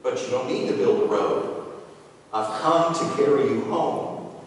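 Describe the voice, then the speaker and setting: A loving eldest brother speaks gently and patiently, as a pastor voices him. The delivery is slow. It sounds like a large echoing hall recorded from the back. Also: male voice, medium pitch, lightly acted. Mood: gentle, patient. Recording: echoey hall from far off.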